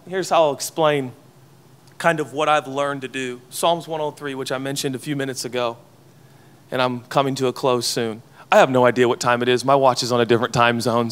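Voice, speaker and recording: A man's voice: mid-range voice, a bit bright, clear, resonant tone. A man in his thirties, a pastor preaching a sermon at a conference in a conversational, playful way, often asking the audience questions. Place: conference hall before a live audience.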